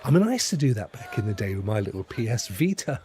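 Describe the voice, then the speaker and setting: A man's voice: on the low side, sing-song, quick pace, mellow, slight background noise. A middle-aged man hosting a game stream, chatting and rambling as he plays. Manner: chatty, rambling, self-correcting. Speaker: gaming streamer host. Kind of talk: casual gameplay commentary.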